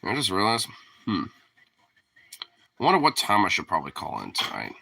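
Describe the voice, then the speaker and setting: A man's voice: huge pitch swings, normal speed, vocal fry, pushed and bright, a little hiss or hum. A man chatting casually to the camera and his dog, rambling, laughing and swearing freely. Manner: talks to his dog in a pitched-up teasing voice. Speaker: pet owner vlogger. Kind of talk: casual chat.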